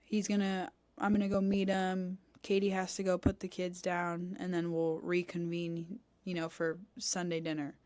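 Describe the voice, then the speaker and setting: A young woman chats on a podcast, telling a story with animated energy and acting out each exchange. Her voice sits low for a woman. The sound is dry and close, with no room around it. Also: moderate pace, few pauses, no echo. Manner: animated, acts out quoted dialogue, cusses. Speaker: podcast co-host. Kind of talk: casual storytelling chat. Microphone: studio podcast mic.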